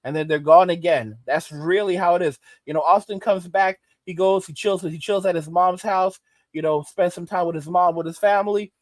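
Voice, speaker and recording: A man's voice: sits high, steady tone, moderate pace, no room sound. A man doing reaction commentary, emphatic and repeating phrases for stress.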